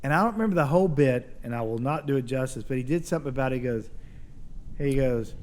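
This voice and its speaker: A man hosting a podcast in casual chat, telling stories in a profane, animated way. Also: medium pitch, quick pace.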